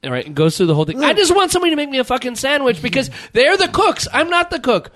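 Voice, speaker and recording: A man's voice: very high-pitched, sing-song, fast talker, a bit bright. A man hosting a casual chat, ranting with lots of swearing and putting on voices when he quotes people. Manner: profane, exasperated ranting with mock-voiced quotes.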